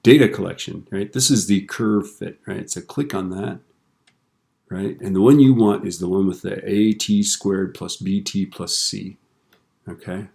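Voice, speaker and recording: Low gravelly male teacher. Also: measured pace. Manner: relaxed, tells corny jokes, frequent tag questions. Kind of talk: screen-recorded software lesson.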